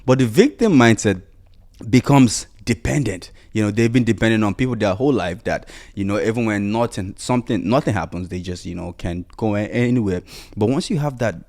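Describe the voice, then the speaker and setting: A man hosts a solo motivational podcast, talking casually but insistently, repeating himself and filling gaps with "you know." His voice is fairly low with a darkish tone, and he speaks a little fast.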